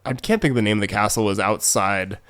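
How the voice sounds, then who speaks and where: Rambling low-voiced New England man. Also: fast talker, fairly bright tone, no echo, clean studio sound. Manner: rambling storyteller, many fillers and restarts. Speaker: podcast co-host. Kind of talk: casual chat.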